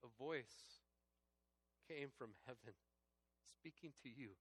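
A male pastor preaching a sermon, earnest and personal, moving between hushed reflective passages and raised, emphatic preaching. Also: mid-range voice, takes it slowly, breathy edge, no echo. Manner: earnest and personal, addressing listeners as friends.

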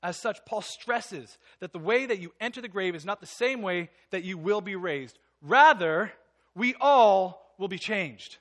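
A male pastor with a high, bright voice delivers a sermon. He reads a passage aloud, then explains it with earnest emphasis. He often sinks to a hushed tone to drive a point home. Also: animated, unhurried.

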